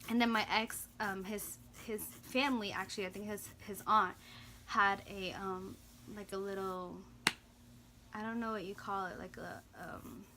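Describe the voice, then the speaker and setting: A young woman vlogger casually telling a story, animated and slangy, full of "like" and swearing. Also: medium pitch, a little slow, background noise.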